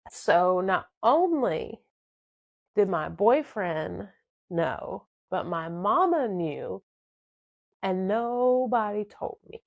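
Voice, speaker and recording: A woman's voice: medium pitch, lively intonation, slow, a little mellow, no room sound, dull audio. A woman, emotionally and dramatically telling a personal story on her podcast.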